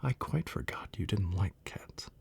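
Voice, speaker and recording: A polite, wondering little girl from a bedtime storybook, as a man whispers her lines. Whispered role-play with a husky, breath-heavy grain and a gravelly edge under it, kept soft and earnest throughout. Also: low-pitched, animated, unhurried, full character voice. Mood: soothing. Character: curious polite little girl lost in a dream world.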